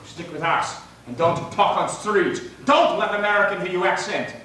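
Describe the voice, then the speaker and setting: A man's voice: high-pitched, moderate pace, lightly acted. A man playing a bossy immigrant co-worker. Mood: stern. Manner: broken English, scolding orders. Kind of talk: live stage acting. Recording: echoey theater recording from far off with hiss.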